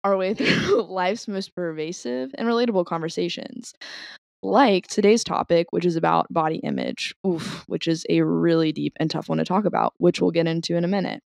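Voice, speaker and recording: A playful woman co-hosting a podcast, chatting and giggling. Her voice sits a bit low with a gravelly fry. The sound is close and dry. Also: normal speed, no echo. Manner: giggly, playful, animated storytelling. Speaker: podcast co-host. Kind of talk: casual chat.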